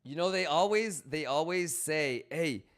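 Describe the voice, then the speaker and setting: A young man live-streaming in a loose, rambling way, chatting casually and shouting out viewers by name. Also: mid-range voice, slow pace, clear, resonant tone. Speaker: livestreamer.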